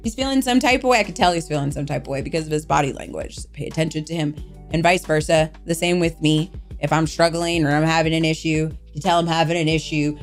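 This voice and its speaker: Woman, lowish pitch, candid, rambling, casual co-host, soft music behind. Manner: open, rambling, restarts often. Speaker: podcast co-host and vlogger. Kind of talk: casual relationship chat.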